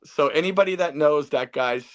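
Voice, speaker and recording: A man's voice: a little high, normal speed, fairly bright tone, smooth. A man hosting a casual interview, telling stories animatedly and addressing listeners as folks. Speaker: podcast host.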